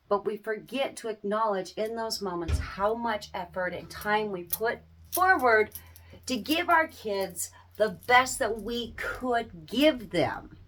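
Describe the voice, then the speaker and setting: A woman's voice: a little high, fairly bright tone. A woman, a parent, giving a casual life-lesson talk to camera, earnest and repeating phrases for emphasis. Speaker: parent and small business owner.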